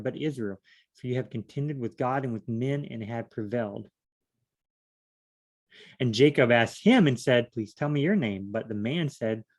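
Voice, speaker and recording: A man with a middle-range voice works through scripture on his own. He reads a passage aloud, then stops to puzzle over it in a relaxed, conversational way. The tone is an informal solo study rather than a sermon. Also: mid-range voice. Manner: reads verses aloud then muses and questions them conversationally. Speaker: Bible study teacher. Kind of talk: casual Bible study reading and commentary.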